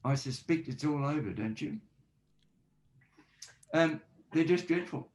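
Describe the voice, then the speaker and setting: A man's voice: on the high side, unhurried, darkish tone, a little hiss or hum. Man explaining, acting out sample questions. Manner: explanatory, lists examples and acts out sample questions. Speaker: guest, forensic linguist. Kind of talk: podcast interview answers.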